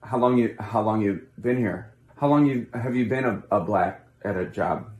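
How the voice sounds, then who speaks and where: A man playing a weary, awkward male politician in a comedy sketch, halting and mock-cheerful with despairing asides. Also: lowish voice, darkish tone, lightly acted. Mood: miserable awkward. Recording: roomy echo.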